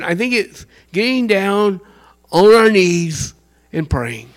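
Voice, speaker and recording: A man preaching a sermon in an animated way, acting out the voices of fans and worshippers. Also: high-pitched, takes it slowly. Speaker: pastor.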